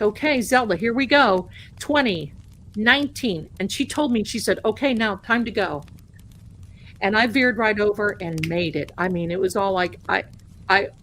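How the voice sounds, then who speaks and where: A woman's voice: medium pitch, a little hiss or hum. A woman hosting a live stream, telling viewers a frightening personal story in a dramatic, emotional way with many restarts. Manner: dramatic, breathless retelling with restarts. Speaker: host of a live tarot channel.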